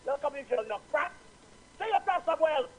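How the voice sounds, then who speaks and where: High-pitched, angry Saint Lucian man. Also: lively intonation, fast talker, low-quality recording. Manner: angry, insulting, repetitive. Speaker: caller. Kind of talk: political rant on a call-in show.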